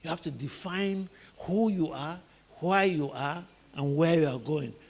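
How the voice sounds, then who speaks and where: Gravelly Nigerian preacher in a hall. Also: male voice, fairly high pitch, a little slow. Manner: rhetorical questions, emphatic repeated phrases. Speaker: teacher preaching on family life. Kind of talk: sermon-style teaching.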